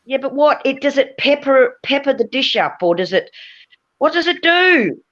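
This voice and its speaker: A woman's voice: high voice, normal speed, fairly bright tone. An Australian woman co-hosting, bantering bluntly with a teasing, sweary edge. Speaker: co-host. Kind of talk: casual banter. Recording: muffled lo-fi audio.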